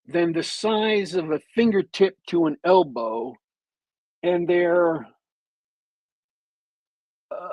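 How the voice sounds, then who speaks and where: A man on a podcast with a bad cold, retelling a movie plot as a meandering, detailed storyteller with long pauses. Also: high voice, no room sound, poor audio. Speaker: podcast co-host.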